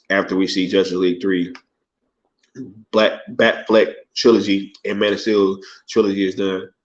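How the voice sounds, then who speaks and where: A man in a relaxed live-stream chat, his voice sitting low in pitch. He reads out viewer comments and answers them in loose, slangy talk, often tagging "yo" onto his lines. The stream audio is dull and lo-fi. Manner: laid-back slangy talk, frequent "yo" and "right?".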